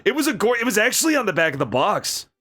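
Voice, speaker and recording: A man streaming a horror game, reacting excitably and reading the characters' dialogue aloud. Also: sits high, quick pace. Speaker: livestreamer. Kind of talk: let's play commentary.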